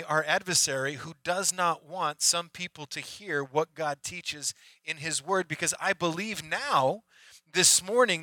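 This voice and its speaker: A man's voice: on the high side, pushed and bright, dry recording, poor audio. A man preaching a sermon as pastor, talking candidly and conversationally with frequent restarts. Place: church sanctuary.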